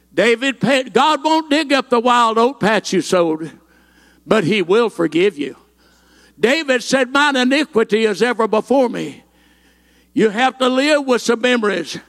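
A man's voice: very high-pitched, a bit bright. A man pastor, preaching a fervent sermon and stringing phrases together with rhythmic "uh" fillers.

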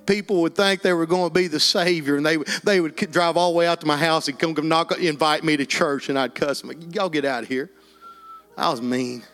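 A man's voice: fairly high pitch, steady tone, brisk, hardly any pauses, a bit bright, soft background music. A middle-aged man from Texas with an East Texas accent, telling his life story as an earnest, plainspoken guest. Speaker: guest giving testimony. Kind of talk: emotional personal testimony.

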